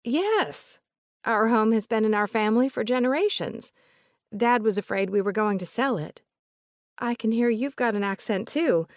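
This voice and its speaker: A woman voicing an older woman with a soft Southern accent, polite and remorseful, recalling family memories in a gentle, chatty way. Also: on the high side, animated, normal speed, no room sound, clean studio sound, pitched above the performer's own voice, lightly acted.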